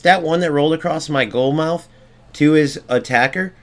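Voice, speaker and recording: Excitable man ranting over gameplay. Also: a little high, normal speed. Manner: excitable, swears, rants at the game. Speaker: gaming streamer. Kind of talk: live gameplay commentary.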